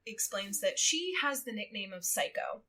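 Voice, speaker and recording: A woman guesting on a podcast, recapping a book in casual chat, animated and giggly as she tells it. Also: medium pitch, normal speed. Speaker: guest co-host.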